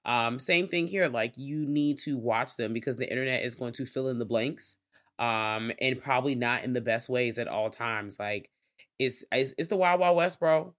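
A man's voice: medium pitch, moderate pace, a bit bright. Laid-back profane man podcast co-host. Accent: Southern US. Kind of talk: casual movie review chat.

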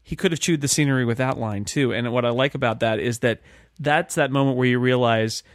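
Male co-host, mid pitch, rambling casual film talk, dry booth sound. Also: fairly quick, dry recording. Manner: rambling, restarts, animated asides. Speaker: podcast co-host. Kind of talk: casual chat about a film.

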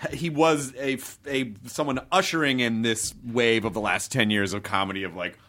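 A man hosting a casual chat among comedians, talking quickly and rambling with many restarts. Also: mid-range voice, steady tone, sharp tone. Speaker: podcast host and comedian.

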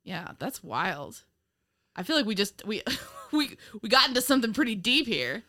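A woman's voice: fairly high pitch, big pitch swings, normal speed, pushed and bright. A woman co-hosting a casual chat about an old TV show, rambling and giggling often. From United States. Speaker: podcast co-host.

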